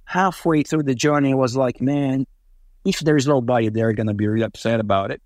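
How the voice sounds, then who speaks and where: Male guest, lively anecdotal delivery with acted-out quotes, dry close recording. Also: medium pitch, brisk, no echo. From Brazil. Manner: animated, acts out quoted voices, frequent fillers. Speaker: interview guest, racing driver. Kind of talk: casual storytelling.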